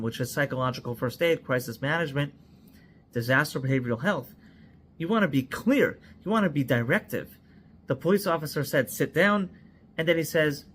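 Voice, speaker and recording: A man with a somewhat high voice tells a cautionary story in an earnest tone. He drives his point home with strings of short, stacked phrases. Faint background ambience sits under his voice. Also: a little hiss or hum. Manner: earnest, stacks words in lists. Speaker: psychological first aid trainer.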